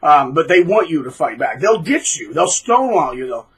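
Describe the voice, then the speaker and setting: Husky, bright-voiced man ranting. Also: sing-song, normal speed, low-quality recording. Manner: blunt, mocking, acts out quotes in shrill voices. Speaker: channel host. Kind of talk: casual monologue.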